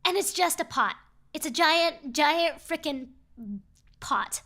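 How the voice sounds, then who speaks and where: A woman's voice: high voice, takes it slowly, sharp tone. A young woman streamer telling a story in a casual, rambling way, often repeating herself.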